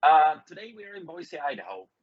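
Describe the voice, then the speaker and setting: A middle-aged man with a Swedish accent, a touring musician chatting as a podcast guest, hesitant and filling pauses with "uh". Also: a little high, sing-song, no room sound, phone-quality sound. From Sweden. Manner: hesitant, many fillers, friendly. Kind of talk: casual interview chat.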